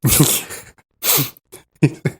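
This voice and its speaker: Man, podcast host, casual film chat, excited scene recaps, frequent laughter, echoey room. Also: extremely slow. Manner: animated retelling of scenes, laughs often, swears.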